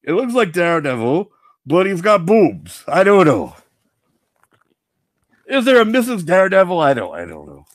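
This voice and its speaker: A man playing Venom, a boastful alien symbiote, in a goofy, excitable in-character comic unboxing. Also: high-pitched, normal speed, long pauses, dry recording, clean studio sound. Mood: excited playful. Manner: goofy, excitable, answers himself with "yes".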